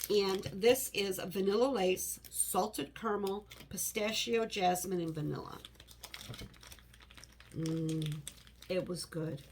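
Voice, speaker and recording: A woman's voice: medium pitch, takes it slowly, a little hiss or hum. A middle-aged woman chatting casually to the camera in her home office, rambling with many "you know" asides. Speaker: home fragrance vlogger.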